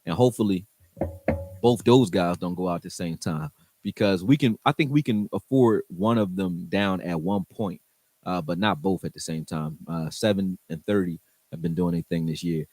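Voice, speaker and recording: Man, deep-ish voice, casual football commentary, slangy and blunt, dry close sound. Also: normal speed, mellow, dry recording. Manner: frank and slangy, with casual profanity; talks straight to his viewers. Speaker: sports show host.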